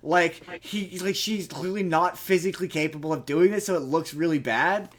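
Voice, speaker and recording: Rambling, higher-voiced man recapping a movie. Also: moderate pace, soft background music. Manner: rambling, profane retelling of a movie plot. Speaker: podcast co-host. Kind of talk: casual chat.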